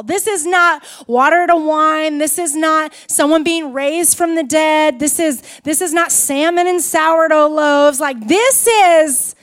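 A woman pastor in her thirties giving a sermon, telling family stories in a loose, conversational way with frequent restarts. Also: very high voice. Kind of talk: sermon with personal storytelling.

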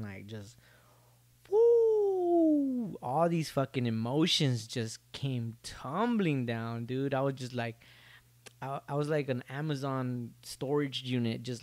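A man's voice: medium pitch, no room sound. A young man hosting a solo podcast, rambling casually with lots of swearing and jokes. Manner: profane, rambling, joking. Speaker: podcast host.

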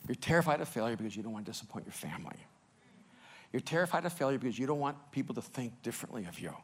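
A middle-aged male pastor preaching with stories, laughing at himself and swinging between loud bursts and hushed lines. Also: mid-range voice, sing-song, rapid-fire, husky.

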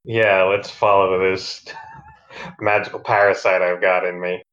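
A man playing in a tabletop game, relaxed and easygoing. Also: low voice, measured pace, highs cut off. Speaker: player. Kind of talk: casual tabletop role-play.

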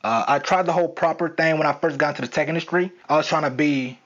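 On a dull, lo-fi recording, a young Southern-accented man hosts a solo podcast with no script. His voice is on the high side, quick and fairly bright, and he rambles casually with plenty of fillers.

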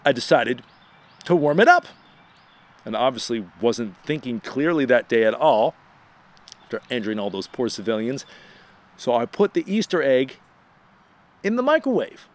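Animated man hosting a radio show. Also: normal speed, pauses often. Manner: animated, self-deprecating, rises in pitch when excited. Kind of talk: casual storytelling monologue.

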